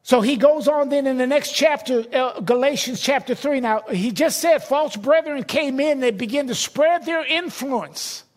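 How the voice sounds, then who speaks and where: A man's voice: very high voice, normal speed, few pauses. A middle-aged man, a pastor, preaching a sermon in a conversational, emphatic way with personal stories.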